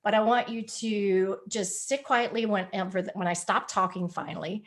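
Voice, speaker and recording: A woman's voice: mid-range voice, fairly even intonation, moderate pace. A woman presenting a spiritual health talk over a video call, earnest and coaxing, repeating her points. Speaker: wellness presenter. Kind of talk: live online presentation.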